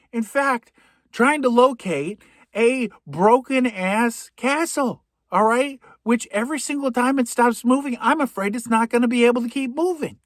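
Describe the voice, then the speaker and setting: A man's voice: very high voice, fairly bright tone, no echo, clean studio sound. A man with a Boston accent doing a comedic, profane movie recap, full of sarcastic asides. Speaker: podcast host.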